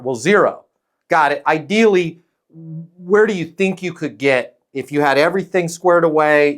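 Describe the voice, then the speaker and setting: A man coaching sales in a blunt, energetic way, often acting out phone calls and client replies. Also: a little high. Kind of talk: live sales coaching talk.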